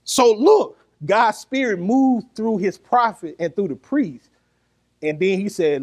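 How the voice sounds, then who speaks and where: A male preacher delivers a sermon in a high voice. His pitch rises and falls widely as he calls on the congregation to answer him, and he laughs now and then. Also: measured pace. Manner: animated preaching with laughs and call-and-response.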